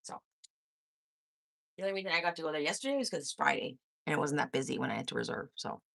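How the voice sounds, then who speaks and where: A woman from Korea chats on her livestream in a lower voice whose pitch leaps and swoops. She is blunt and swears freely as she answers comments. The sound is close and dry. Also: lively intonation, fast talker, creaky, a bit bright, no echo. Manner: blunt, profane, opinionated. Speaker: livestream host. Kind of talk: casual livestream chat reading comments.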